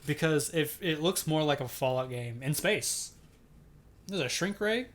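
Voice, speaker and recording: Animated man retelling a trailer. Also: fairly high pitch, measured pace. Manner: animated storyteller, acts out quoted lines. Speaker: podcast co-host. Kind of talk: casual chat.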